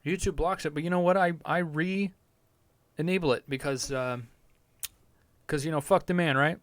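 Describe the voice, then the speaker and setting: A man's voice: on the high side, a little slow, no room sound. A man hosting a podcast, rambling crudely and laughing at his own jokes in a casual comedic rant. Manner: rambling, profane, self-amused. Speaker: podcast host.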